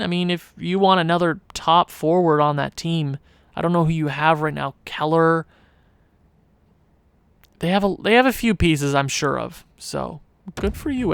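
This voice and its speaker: A man giving casual gameplay commentary as he thinks aloud, rambling and hesitant with lots of restarts. His voice has a gravelly fry yet stays smooth and resonant. The sound is dry and close, with little room around it. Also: a little high, no echo. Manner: swings from mumbling to sudden excited outbursts. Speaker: gaming channel host.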